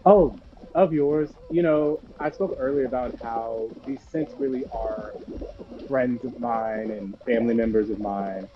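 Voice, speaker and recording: A man's voice: mid-range voice, unhurried, slight background noise. Earnest man over dull lo-fi audio. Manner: earnest, reflective. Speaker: candle company founder guest. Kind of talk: casual chat. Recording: dull lo-fi audio with music behind.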